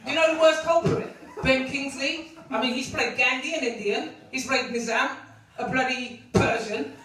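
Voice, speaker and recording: A woman delivers a stand-up set with a brash, mocking, punchy edge, her voice sitting high. The sound is echoey, caught from well back in a comedy club, with the room ringing around her. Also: moderate pace, a bit bright, slight background noise. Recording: echoey club recorded from far off. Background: audience laughter.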